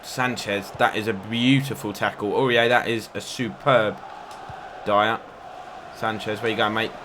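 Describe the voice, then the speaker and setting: A young man commentating on his football video game match, excitable and bursting into loud outcries at near misses and fouls. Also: fairly low pitch, unhurried, slight background noise. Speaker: gaming YouTuber.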